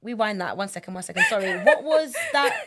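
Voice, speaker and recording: A woman's voice: mid-range voice, wildly swooping pitch, fast, over a noisy crowd. Playful woman co-host, teasing, voice jumps all over. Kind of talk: casual chat.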